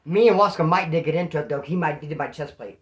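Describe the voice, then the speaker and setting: A man's voice: fairly high pitch, fast talker, a bit bright. A man and former prisoner telling a casual first-person story, rambling in slang and acting out the dialogue he quotes.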